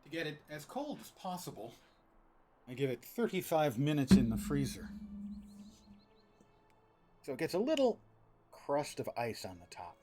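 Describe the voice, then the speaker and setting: A man's voice: on the high side, huge pitch swings, normal speed, pauses often, dark tone. Chatty man commenting on gameplay. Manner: joking, chatty, reads game text aloud. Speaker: streamer.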